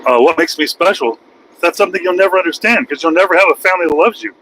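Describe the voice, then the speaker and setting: A man's voice: high voice, rapid-fire, sharp tone, slight background noise, low-quality recording. A man, a truck driver, ranting on a casual livestream from his cab while driving, crude and taunting. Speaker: truck driver streaming live.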